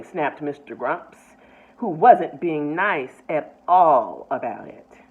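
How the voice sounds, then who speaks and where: A woman, a nurse, reading a picture book aloud with expressive delivery and asides to her listeners. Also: sits low, takes it slowly, slightly rough. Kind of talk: storybook read-aloud. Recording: tinny phone-like sound.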